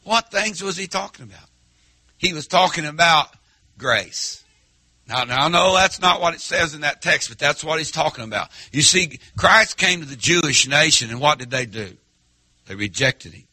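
A man preaching a sermon in church, firing rhetorical questions and swinging between loud emphatic lines and hushed asides. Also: on the high side, expressive, normal speed, dry recording. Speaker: pastor.

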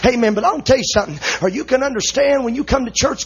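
A male preacher with a strikingly high, husky voice delivers an emotional sermon. He shouts in rhythmic bursts and tags nearly every line with "uh, amen." The intensity stays high and fervent. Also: fast, few pauses. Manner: shouts rhythmic lines, punctuating each with "uh, amen". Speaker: visiting preacher.

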